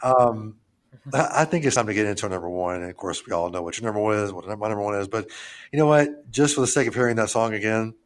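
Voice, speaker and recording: A man co-hosting a podcast, chatting casually about horror films in a rambling, relaxed way and swearing freely. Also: fairly low pitch, fast. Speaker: podcast co-host. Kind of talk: casual film chat.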